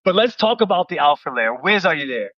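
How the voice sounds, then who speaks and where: A man hosting a podcast, giving an emphatic, wounded rant that rises into loud reproach. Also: a little high, big pitch swings, a little fast, no echo, highs cut off. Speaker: podcast host. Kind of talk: impassioned rant to the audience.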